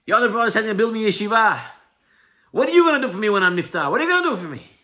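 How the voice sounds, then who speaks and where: A man's voice: high voice, fairly even intonation, rapid-fire, sharp tone, voice pushed up. A man voicing an aging father who anxiously presses his sons about what they will do for him after he dies. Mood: demanding. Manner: insistent, repeating questions.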